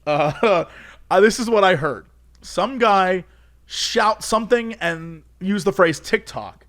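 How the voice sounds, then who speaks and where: A man co-hosting a comedy podcast, telling anecdotes in a casual, animated way with lots of laughter. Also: high voice, takes it slowly. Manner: animated storytelling, acts out quotes, frequent laughter. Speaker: podcast co-host.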